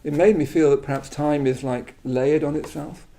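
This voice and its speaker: A middle-aged man from England giving a reflective Buddhist talk, halting and full of restarts, with quiet trailing asides. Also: fairly high pitch, steady tone.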